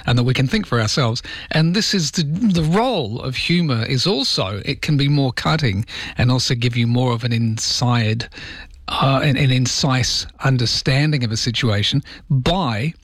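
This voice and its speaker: A man with an Australian accent hosting a talkback radio show, chatty and relaxed. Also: mid-range voice, normal speed, dry recording, studio quality. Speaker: radio talk show host. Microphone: studio microphone.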